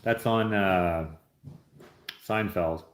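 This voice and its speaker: A man's voice: low-pitched, very slow. A man hosting a casual livestream, reading chat aloud and opening gifts in an easygoing, joking way. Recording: roomy echo.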